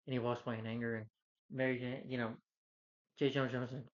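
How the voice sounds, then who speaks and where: A man talks through a movie's plot in a casual review, rambling and leaning on fillers as he goes. His voice sits at an ordinary pitch. The recording is dull and lo-fi. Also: little pitch movement, quick pace. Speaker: film reviewer.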